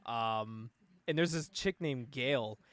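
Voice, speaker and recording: A man's voice: mid-range voice, slow pace, a bit bright, no room sound. A man co-hosting a casual comic book review podcast, laughing often and swearing casually. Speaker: podcast co-host.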